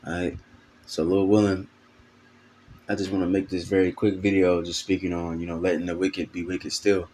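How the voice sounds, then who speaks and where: A man's voice: low-pitched, flat delivery, moderate pace, a little mellow, a little hiss or hum. A man giving an informal video sermon, casual and profane, full of fillers, reading scripture aloud between comments. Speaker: preacher.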